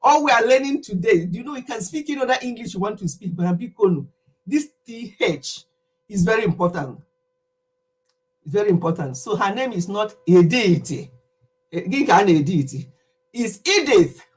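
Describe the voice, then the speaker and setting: A woman's voice: medium pitch, animated, a little fast, breathy edge. A Nigerian woman in her fifties, chatting animatedly to camera in a casual vlog monologue and laughing easily. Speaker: vlogger.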